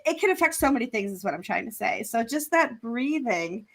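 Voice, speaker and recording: A woman's voice: fairly high pitch, sing-song, a little fast, gravelly, fairly bright tone. Chatty woman hosting a live stream. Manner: chatty, laughs often, sponsor thank-yous. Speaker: event host. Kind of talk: casual live-stream chat. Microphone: remote video call.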